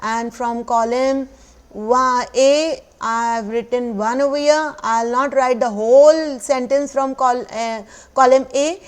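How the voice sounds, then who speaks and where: A woman's voice: high-pitched, steady tone, takes it slowly. A woman teacher with an Indian accent giving a recorded class lesson, explaining patiently, repeating phrases and slipping into Hindi. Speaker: school teacher.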